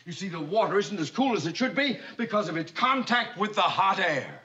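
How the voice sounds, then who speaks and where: Blustering, flustered bank manager. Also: male voice, sits high, very animated, brisk, sharp tone, full character voice. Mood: pompous. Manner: stammers and blusters when flustered. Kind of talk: 1960s sitcom acting. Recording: muffled old TV soundtrack with faint hiss.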